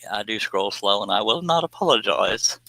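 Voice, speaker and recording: A man's voice: on the low side, animated, a little fast, vocal fry, pushed and bright, dry recording. A man hosting a woodworking live stream in casual chat, reading out viewer comments, joking and teasing, often laughing.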